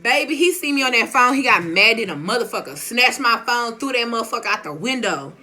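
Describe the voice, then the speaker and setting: A young woman telling a story in a casual, animated and slangy way, often laughing. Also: a little high, a little fast, noisy background. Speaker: vlogger.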